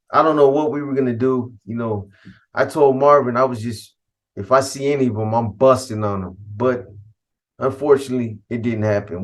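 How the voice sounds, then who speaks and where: A middle-aged man from California telling a story from his past in casual street slang, quoting the people involved. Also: mid-range voice. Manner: street slang, cursing, quotes others in dialogue. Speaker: host telling a personal story.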